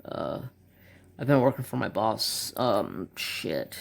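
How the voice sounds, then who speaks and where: A man's voice: on the low side, sing-song, takes it slowly, gravelly. A man in his forties chatting casually as a craft channel host, rambling and joking with muttered asides while swatching markers at his home desk.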